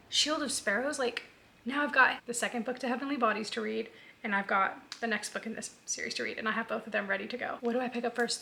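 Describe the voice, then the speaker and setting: A woman's voice: fairly high pitch, a little fast, vocal fry, bright, forceful tone. A young woman vlogging casually at home, chatty and gushing, recorded on a basic camera mic. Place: home, indoors. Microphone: built-in camera mic, not her good mic. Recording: faint air conditioning hum.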